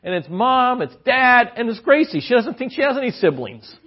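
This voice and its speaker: A man preaching a conversational sermon in church, animated, swinging between loud exclamations and hushed asides. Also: very high voice, brisk, vocal fry, hardly any pauses. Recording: dull lo-fi audio.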